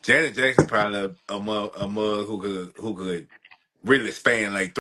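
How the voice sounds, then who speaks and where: A man's voice: on the low side, steady tone, normal speed, pushed and bright, poor audio. A man co-hosting a podcast, talking in a slangy drawl with short, emphatic reactions. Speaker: podcast co-host. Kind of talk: casual chat.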